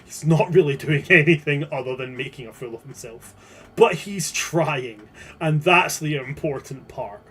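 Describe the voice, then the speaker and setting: A man with a voice a little higher than most, at a tabletop game. He rambles playfully and pokes fun at himself. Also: normal speed, bright, forceful tone, husky. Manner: playful, rambling, self-mocking. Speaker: player. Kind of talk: tabletop role-play banter.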